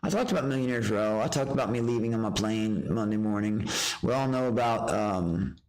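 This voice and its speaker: A man's voice: lowish voice, brisk, darkish tone, rough recording. A man streaming live, ranting in a rambling, boastful way and trash-talking profanely. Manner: rambling with restarts. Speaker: livestreamer. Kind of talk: rambling livestream rant.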